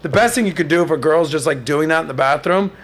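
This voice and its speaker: A man in his thirties hosting a casual podcast chat, telling stories in an animated way and mimicking others in high mocking voices. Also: quick pace. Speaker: podcast host.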